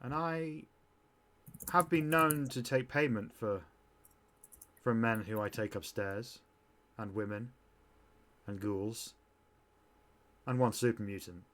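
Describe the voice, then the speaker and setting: A cool, worldly nightclub singer woman, as a man puts her on, talking bluntly and flirtatiously in a tabletop game. The voice stays close to his own, low and unhurried. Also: fairly bright tone. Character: sultry female lounge singer, worldly.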